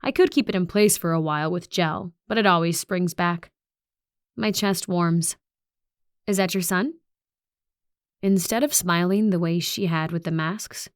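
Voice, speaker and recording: Low-voiced woman narrating an audiobook. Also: clean tone, no room sound, clean studio sound. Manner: even, reflective, steady delivery. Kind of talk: first-person audiobook narration.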